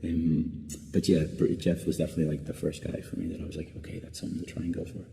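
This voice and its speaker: Very deep, fast-talking man with rambling answers. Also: level tone, creaky, dark tone, a little hiss or hum. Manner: rambling, many restarts and "like" fillers. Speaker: singer being interviewed. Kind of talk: casual interview answers. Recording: long reverb.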